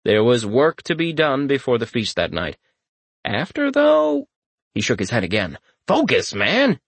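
A man narrating a fantasy novel in a steady, wry storytelling manner. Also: mid-range voice, no room sound. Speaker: audiobook narrator.

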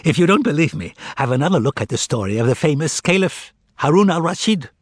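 A man putting on Korovyov, a crackling high-pitched trickster. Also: very animated, fast talker, husky, no echo, clean studio sound. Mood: mock-polite. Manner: theatrical, mock-polite, grandly menacing. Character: crackling, flamboyant tall male trickster. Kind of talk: audiobook character reading.

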